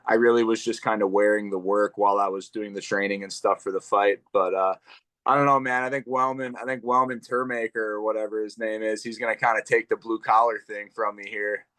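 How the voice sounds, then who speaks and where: A man's voice: fairly low pitch, level tone, a little fast, sharp tone. A young man, a pro fighter, talking casually as an interview guest in a laid-back, rambling way with lots of fillers. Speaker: professional MMA fighter, guest.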